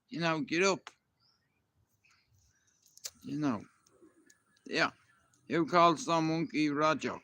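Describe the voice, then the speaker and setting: A man's voice: a little high, sharp tone, dry recording. Man, Dublin Irish accent, middle-aged, rambling storyteller, swears a lot, close dry sound. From Ireland. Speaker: live streamer. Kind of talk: casual live-stream storytelling. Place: outdoors in a garden.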